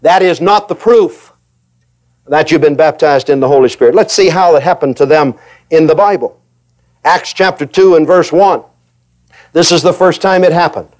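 A man preaching a sermon in an animated way, acting out the voices of reluctant believers and repeating points for emphasis. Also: a little high, moderate pace. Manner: emphatic repetition.

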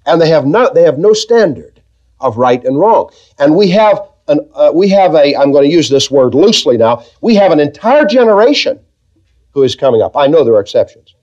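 A man teaching a Bible class in a conversational way, now and then dropping into soft, quiet asides and calling on listeners by name. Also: sits high, lively intonation, normal speed. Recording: dull lo-fi tape recording.

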